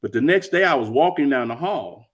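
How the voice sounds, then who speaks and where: A middle-aged man tells a personal story with deep earnestness. He slips into the voices of the people he quotes as he goes, and his pitch sits at an ordinary middle height for a man. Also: lively intonation, fairly quick. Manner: earnest, acts out quoted dialogue. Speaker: author and interview guest.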